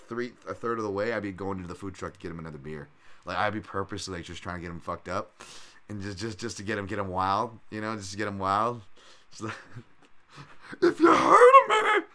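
Animated rambling man, bright and low. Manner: rambling, animated, lots of fillers and loud impressions. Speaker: podcast host, MMA analyst. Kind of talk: casual solo podcast talk.

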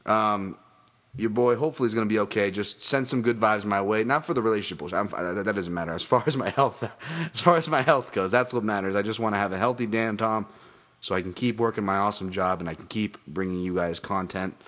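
A man's voice: fairly low pitch, fast talker, fairly bright tone. A man hosting his own podcast, talking casually in a rambling, profane, self-deprecating way, with lots of fillers and tangents and frequent laughs. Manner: many fillers and restarts, tangents. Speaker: podcast host. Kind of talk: casual solo podcast monologue.

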